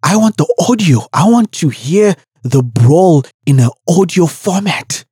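A woman's voice: low-pitched, unhurried, husky, no room sound, studio quality. A woman hosting a podcast, brash and profane in comedic commentary. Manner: brash, profane, animated storytelling. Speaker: podcast host.

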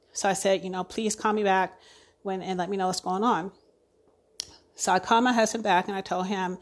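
A woman's voice: mid-range voice, creaky. Woman retelling a hard experience. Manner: emotional retelling, halting, many fillers. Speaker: ICU nurse. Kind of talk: personal testimony.

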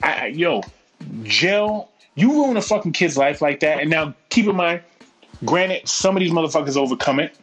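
A man's voice: fairly high pitch, expressive, normal speed, a bit bright, husky. Profane, ranting man with a raised voice. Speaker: podcast co-host. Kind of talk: casual chat.

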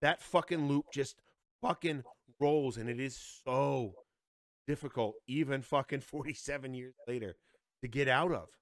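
A man's voice: medium pitch, moderate pace, dry recording, clean studio sound. A man in his forties telling a story in casual podcast chat, swearing a lot and growing heated. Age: 40s. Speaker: podcast co-host.

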